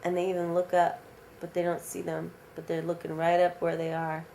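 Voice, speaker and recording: A woman telling an original vampire story aloud in a casual, animated, rambling way, with many fillers. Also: lowish voice, brisk, creaky, slight background noise.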